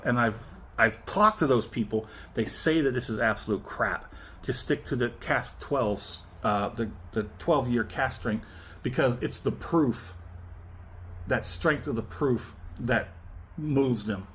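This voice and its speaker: A man with a mid-pitched voice hosts his own whiskey review in a casual, talkative way. He sounds animated and often breaks into laughter between thoughts. Faint ambient noise sits behind him. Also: unhurried. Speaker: whiskey reviewer and channel host.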